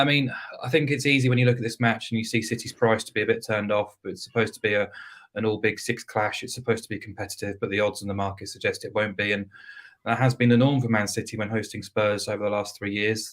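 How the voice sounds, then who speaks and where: A man breaks down football betting odds on a podcast. His voice sits low and stays fairly level. He talks in a measured way, stacks up statistics and often restarts mid-sentence. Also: fairly bright tone. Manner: measured, stats-heavy, with frequent restarts. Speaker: betting tipster. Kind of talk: podcast analysis.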